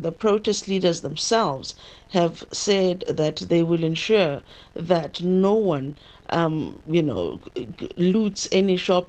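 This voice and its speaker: A woman field reporter with a slightly low voice, giving a live update in a loose, conversational way with frequent fillers. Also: darkish tone.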